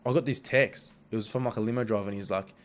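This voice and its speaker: A young Australian man in his early twenties, a guest telling stories in a casual, excitable way and swearing freely. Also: on the low side, fast talker. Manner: heavy swearing, excitable retelling with quoted reactions. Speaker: guest, rugby league player. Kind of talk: casual storytelling.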